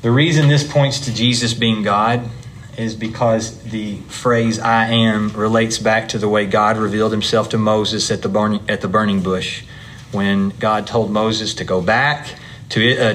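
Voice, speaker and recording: A man's voice: medium pitch, normal speed, a bit bright, a little hiss or hum. A man teaching a church Bible class, explaining things step by step in a chatty way with his students.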